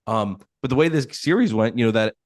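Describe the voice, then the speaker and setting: A man's voice: medium pitch, expressive, brisk, no echo, studio quality. A man co-hosting a sports podcast, recapping plays in detail. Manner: explains and recaps plays in detail, with frequent restarts. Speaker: podcast co-host. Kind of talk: casual sports chat.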